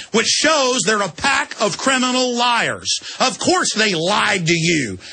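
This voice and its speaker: A man's voice: sits high, bright, forceful tone, husky, no echo. A man hosting a talk radio show, speaking emphatically and in an agitated, rambling way. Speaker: radio host.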